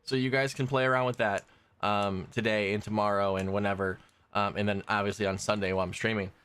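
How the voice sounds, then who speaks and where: A man's voice: lowish voice, little pitch movement, fairly quick, fairly bright tone, clean tone. A young adult man streaming a game, chatting loosely with his viewers as he plays. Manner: chatty, rambling, talks to chat while playing. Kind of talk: casual gaming stream chat.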